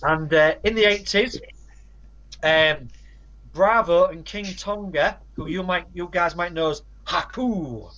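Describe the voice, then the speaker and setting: On a casual podcast, a male co-host with a somewhat high, slightly bright voice reels off facts and titles, dropping in dry asides. He speaks slowly, and the recording sounds dull and lo-fi.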